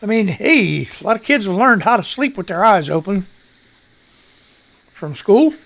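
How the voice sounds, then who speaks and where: Animated, gravelly male news ranter. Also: sits high, unhurried. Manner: loose, profane, animated ranting. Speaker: talk show host. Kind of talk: casual live news commentary.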